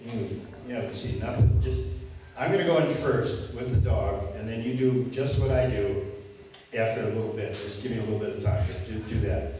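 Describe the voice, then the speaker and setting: A man's voice: fairly low pitch, moderate pace, mellow, faint music behind, close to an everyday voice. A man voicing a sassy woman who passes her dog off as a guide dog, in an echoey hall heard from afar. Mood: confident. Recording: echoey hall from far off, noisy.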